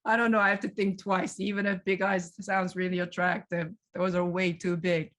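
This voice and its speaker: Speaking at a moderate pace in a lowish voice, a woman conducts a live museum tour over video call. She's animated, drawing questions out of her audience and reading their responses aloud.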